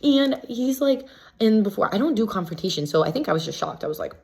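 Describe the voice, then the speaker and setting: A woman casually recapping events as a reality show contestant, chatty and full of "like" fillers, lively when she quotes others. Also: lowish voice, racing, vocal fry. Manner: chatty, filler-heavy with constant "like"; gossipy and animated when quoting others.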